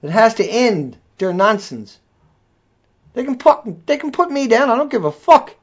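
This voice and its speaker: A man's voice: very high-pitched, sing-song, measured pace. A man delivering an angry, profane, repetitive rant as a video blogger. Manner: furious, profane, repetitive tirade. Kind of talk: angry ranting monologue. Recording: dull lo-fi recording.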